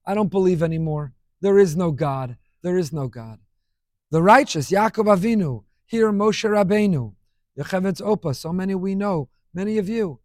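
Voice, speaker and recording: Male Torah teacher, high voice, emphatic and repetitive, dry close sound. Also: a little mellow, no room sound. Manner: emphatic, repeats key phrases, mixes in Hebrew terms. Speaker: rabbi teaching a Torah class. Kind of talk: Torah lecture.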